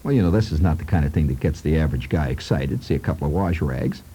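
A man's voice: a bass voice, animated, quick pace, mellow, breathy edge, low-quality recording. A man telling a humorous childhood story in a rambling, conversational way with asides to his listeners.

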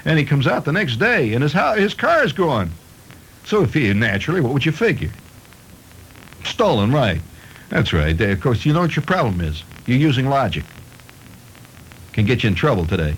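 A middle-aged male radio host spinning comic stories out of strange news items. His voice sits at a middle pitch but leaps about with lively, animated inflection. A faint hiss lies underneath. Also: normal speed, pauses often, low-quality recording. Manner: playful storytelling with chuckles.

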